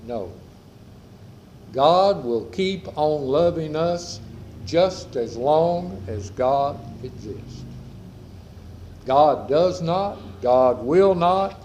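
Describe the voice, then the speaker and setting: Slow, measured male preacher. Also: on the high side, a little mellow, slight background noise. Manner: slow, measured preaching with repeated phrases and dropping endings. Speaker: pastor. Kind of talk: sermon. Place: church sanctuary during a service.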